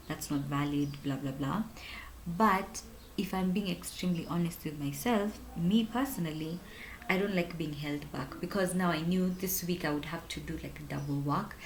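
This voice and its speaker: A woman's voice: low voice, slight background noise. Chatty Kenyan woman in her twenties. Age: 20s. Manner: chatty, animated, full of "like" and "honestly". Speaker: vlogger. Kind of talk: casual storytelling to camera. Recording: roomy echo.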